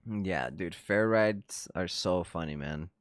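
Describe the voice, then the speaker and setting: A man's voice: sits low, slow, dry recording. A man in his thirties hosting a trading livestream, telling stories in a laid-back, profane way and laughing often. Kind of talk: casual livestream chat.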